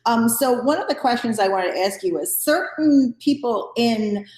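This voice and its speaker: A woman's voice: a little high, animated, normal speed, a little mellow. A woman hosting an interview who chats casually and asks long, rambling questions. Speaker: podcast host. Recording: roomy echo.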